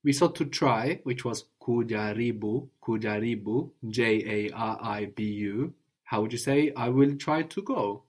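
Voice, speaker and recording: A man's voice: mid-range voice, measured pace. Patient male tutor running a guided lesson, prompts and recaps, frequent "no?" check-ins. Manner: patient, often ends with a questioning "no?". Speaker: language teacher.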